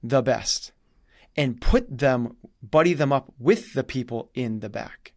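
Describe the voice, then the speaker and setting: A man's voice: mid-range voice, lively intonation, takes it slowly, no room sound, clean studio sound. A man telling a story in conversation, acting out quoted dialogue as he goes. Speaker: guest.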